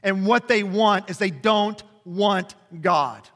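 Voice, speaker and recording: Pastor, male, high and bright voice, loose conversational sermon delivery, long reverb of a church hall. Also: slow. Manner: casual, conversational preaching with many fillers; rises to impassioned preaching.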